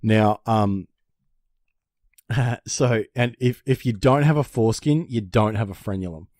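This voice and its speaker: A man telling a story in casual podcast chat. He swears freely and tells it in an animated way. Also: on the low side, unhurried, no echo, clean studio sound. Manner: animated, profane storyteller who acts out panicked voices. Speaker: podcast co-host.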